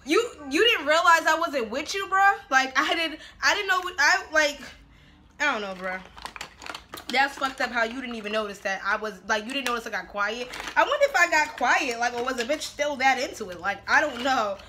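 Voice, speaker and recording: A woman's voice: high-pitched, animated, fairly quick, sharp tone, slight background noise. A woman vlogging casually at home while doing her makeup, brash and profane, often breaking into laughs. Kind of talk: casual get-ready-with-me chat. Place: at home, making dinner while filming.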